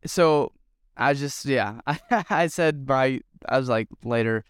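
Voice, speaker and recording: A man's voice: mid-range voice, slow pace, clear, resonant tone, no room sound, clean studio sound. A young man and youth pastor, telling a story in an earnest, rambling way with many fillers. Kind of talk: casual storytelling vlog.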